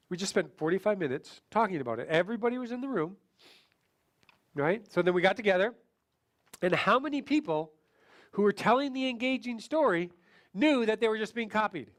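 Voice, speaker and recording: A man with a higher-than-usual voice runs a training seminar. His delivery is lively, and he fires questions at the room and mimics how other people talk. He comes across as an upbeat coach teaching a class. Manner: animated, quizzes the audience and acts out voices. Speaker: sales trainer.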